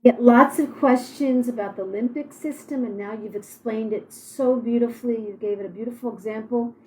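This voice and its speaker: A woman's voice: fairly high pitch, normal speed, mellow, a little hiss or hum, low-quality recording. A woman hosting a live-streamed interview, talking in a reassuring, encouraging way with some restarts. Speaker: podcast host.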